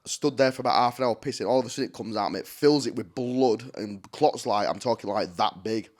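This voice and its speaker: A man's voice: medium pitch, brisk. A young man, telling stories as a podcast guest in a blunt, sweary, chatty way. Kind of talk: casual storytelling.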